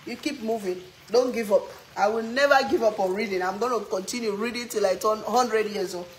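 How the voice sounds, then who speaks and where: A woman's voice: medium pitch, a little hiss or hum, rough recording. A woman hosting a cooking live stream from a home kitchen, chatting with viewers as she reads their comments and teases them while she cooks. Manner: animated, teasing, exclaims often. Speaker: cooking vlog host.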